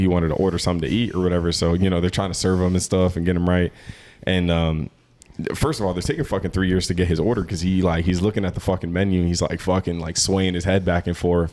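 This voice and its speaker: A man hosting a podcast in casual chat, a rambling and profane storyteller who laughs often as he talks. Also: low-pitched. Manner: animated, laughs often while telling stories. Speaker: podcast host.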